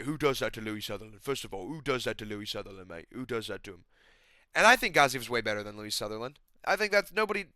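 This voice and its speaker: A young man chats through fight predictions in a loose, rambling way, swearing and saying "bro" all the time. His voice is bright and smooth. The sound is dry and close, with no room echo. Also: mid-range voice. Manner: excitable, rambling, says "bro" constantly, swears. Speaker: MMA predictions host. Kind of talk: casual fight-prediction chat.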